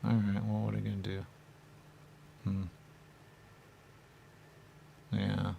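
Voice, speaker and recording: A man talking in the first person as a dead spirit, rambling and halting, trailing off into fillers and jumping to high voices for quotes. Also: completely flat delivery, creaky, mellow, slight background noise.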